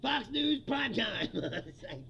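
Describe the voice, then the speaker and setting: A man's voice: extremely high pitch, big pitch swings, slow, creaky, sharp tone, muffled recording, slight background noise. A male comedian in a profane, mocking political rant, often laughing at his own jokes.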